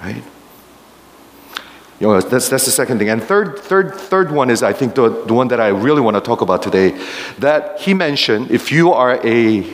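A man preaching a sermon at a middle pitch, pressing his listeners with repeated questions. His voice carries a long reverb from a large church hall. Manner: emphatic, questioning the congregation. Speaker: pastor.

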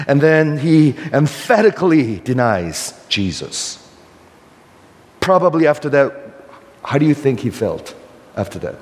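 A man's voice: a little high, lively intonation, normal speed, long reverb tail. An older man preaching a sermon as a pastor, emphatic and questioning, often checking in with the listeners.

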